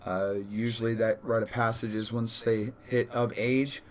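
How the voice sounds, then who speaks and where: A man's voice: medium pitch, fairly even intonation, moderate pace. A man running a tabletop role-playing session as game master, casual and laughing, often correcting himself.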